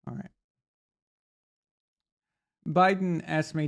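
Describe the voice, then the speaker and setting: Gravelly-voiced man ranting casually. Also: on the high side, unhurried. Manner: rambling, opinionated, frequent restarts and fillers. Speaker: sports talk show host. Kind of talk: casual live-stream talk. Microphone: desk mic on camera.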